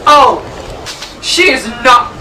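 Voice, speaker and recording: A woman YouTuber reacting to videos, screaming, swearing and exclaiming loudly, recorded in a roomy space with the mic at a distance. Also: sits high, very animated, slow pace, noisy background.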